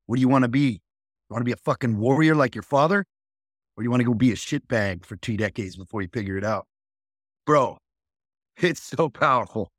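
A man's voice: medium pitch, a little fast, pauses often, dry recording, studio quality. A man hosting a casual podcast conversation, blunt and profane, acting out quoted dialogue.

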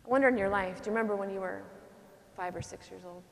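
Earnest nun teaching in a cathedral. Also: female voice, medium pitch, quick pace, gravelly. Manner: earnest, conversational, acts out little scenes. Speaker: nun giving a retreat talk. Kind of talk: charismatic retreat teaching. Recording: long cathedral reverb.

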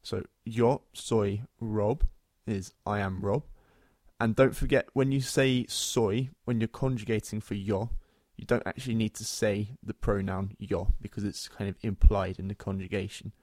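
A man co-hosting a language podcast, patiently explaining Spanish phrases and repeating them slowly. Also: on the low side, steady tone, a little mellow, no echo, clean studio sound.

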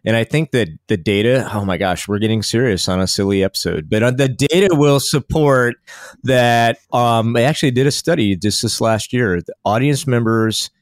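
A man's voice: mid-range voice, moderate pace, no echo, clean studio sound. A man hosting a podcast, chatting in an easygoing, thoughtful way. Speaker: podcast host. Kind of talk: casual podcast chat.

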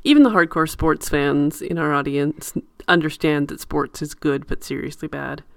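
Cohost chiming in with quick agreeing replies, mid pitch, dry close sound. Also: gravelly, fairly bright tone, dry recording. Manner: agreeable, short backchannel replies. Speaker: podcast co-host. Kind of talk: casual podcast chat.

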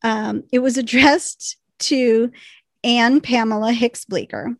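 A woman's voice: a little high, fairly even intonation, takes it slowly, vocal fry, no echo. A woman co-hosting a podcast, chatting casually and reading listener emails aloud, breaking into laughter. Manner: chatty, reads letters with bursts of laughter. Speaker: podcast co-host.

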